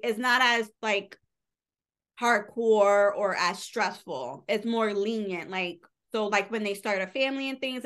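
A woman's voice: a little high, fairly bright tone. Chatty woman recapping a novel. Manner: chatty, rambling, heavy use of "like", casual swearing. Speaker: podcast co-host reviewing books. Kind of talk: casual book recap.

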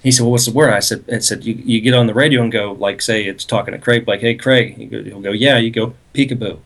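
A man's voice: on the low side, steady tone, quick pace, creaky, fairly bright tone. A man on a podcast, casually telling a long, rambling story about a prank at work and laughing at it as he goes. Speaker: podcast co-host.

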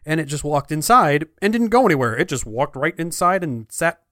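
A man's voice: a little high, big pitch swings, a little fast, a bit bright, no room sound, clean studio sound. A man co-hosting a podcast in casual chat, easygoing and chuckling, with playful voices for quotes. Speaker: podcast co-host.

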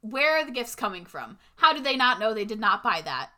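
A woman's voice: on the high side, big pitch swings, fairly quick, sharp tone. A woman co-hosting a podcast, making wry, skeptical remarks about a movie in casual chat. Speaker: podcast co-host.

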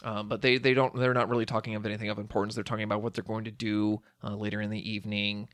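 A man's voice: lowish voice, rapid-fire, no room sound. Man as game master, casual, dry mic. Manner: relaxed, hesitant with many ums. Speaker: dungeon master. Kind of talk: narrating a tabletop game.

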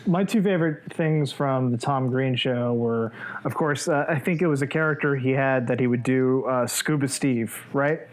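Male podcast guest, mid pitch, offhand and joking in casual conversation. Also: normal speed. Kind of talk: casual chat.

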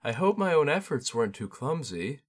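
Polite young court lady with formal speech, a man doing her, pitched higher than his own voice, storybook reading. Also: sing-song, normal speed, slightly rough. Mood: courtly. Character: gracious young noblewoman courtier, polite and careful.

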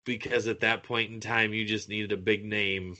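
A man co-hosting a casual movie-review chat, building up his point slowly and mockingly. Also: on the low side, little pitch movement, pushed and bright. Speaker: podcast co-host.

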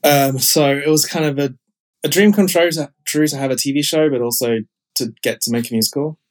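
A man's voice: on the high side, fairly quick. A man chats as a guest on a podcast, talking about his own show. He sounds enthusiastic and fills his sentences with um and like. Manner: enthusiastic, chatty, many fillers. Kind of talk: casual podcast interview.

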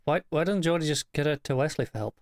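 A man's voice: a little high, expressive, quick pace. A man co-hosting a casual chat about a TV episode, making dry joking asides, often stammering on restarts. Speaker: podcast co-host.

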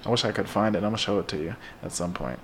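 A man's voice: on the low side, rapid-fire, slight background noise. A man hosting a casual podcast chat, telling news stories loosely, with swearing and laughter. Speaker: podcast host.

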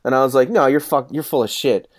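Profane, animated male storyteller. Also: medium pitch, fast. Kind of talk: casual storytelling chat.

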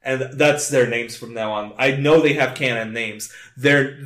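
A man's voice: medium pitch, unhurried, a bit bright. Man, casual podcast chat, swears a lot, laughs often, roomy echo. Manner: swears freely, laughs often, reads from notes. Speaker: podcast co-host.

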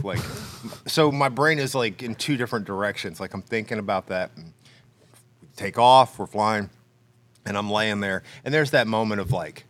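A man on a podcast, telling a personal story in a casual, animated way, acting out the dialogue and laughing as he goes. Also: on the low side, normal speed.

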